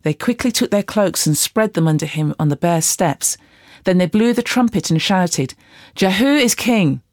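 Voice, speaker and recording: A Bible reader reading scripture aloud at a steady, even rate. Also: mid-range voice, moderate pace, dry recording, clean studio sound.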